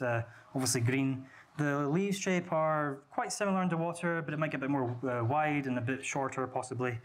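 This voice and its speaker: A young Scottish man leading an aquascaping workshop, explaining each step in a relaxed way while he plants, with lots of fillers and restarts. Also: a little high. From Scotland. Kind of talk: live hands-on demonstration. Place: indoor workshop venue. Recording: noisy room ambience.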